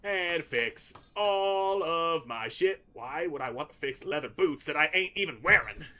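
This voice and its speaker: A man's voice: on the high side, animated, unhurried, bright, forceful tone. A man giving crude, sarcastic commentary while playing a video game, trash-talking the enemies he fights. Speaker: gaming channel host. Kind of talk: gameplay commentary.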